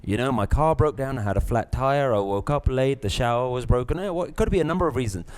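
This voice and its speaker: Lively man teaching a class. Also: medium pitch, quick pace, clear, resonant tone. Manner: lively, acts out scenes and voices, laughs often. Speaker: spiritual teacher. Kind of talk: live lecture to a class.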